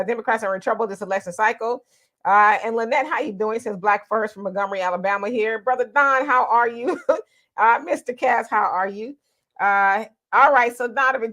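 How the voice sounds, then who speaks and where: A woman hosting a livestream, greeting viewers by name and reading out their comments in a relaxed way. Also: fairly high pitch. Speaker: host.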